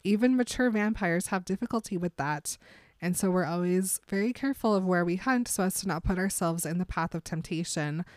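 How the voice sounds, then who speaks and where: A woman's voice: fairly low pitch, brisk, a little mellow, no echo, clean studio sound, close to an everyday voice. A woman doing Edward Cullen, an amazed young vampire. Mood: earnest.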